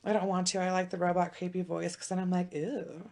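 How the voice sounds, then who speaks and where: A woman in her thirties co-hosting a podcast, telling stories in a casual chat with animated swings from loud outbursts to hushed asides and plenty of swearing. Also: fairly low pitch, fast talker, vocal fry, a little hiss or hum. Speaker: podcast co-host.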